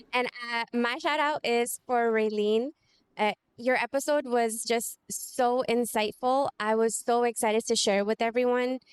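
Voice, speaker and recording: A woman with a clear, fairly high voice praises a student's work. She sounds a little flustered and laughs lightly as she talks.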